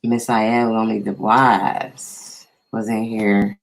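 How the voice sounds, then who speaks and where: A man's voice: on the low side, little pitch movement, slow, creaky, rough recording. A man hosting a casual live stream, chatting easily and greeting viewers by name.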